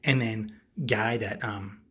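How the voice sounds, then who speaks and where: A man's voice: on the low side, fairly even intonation, slow, fairly bright tone, husky. A man giving a casual, rambling and sarcastic movie recap, packed with fillers. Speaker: movie reviewer.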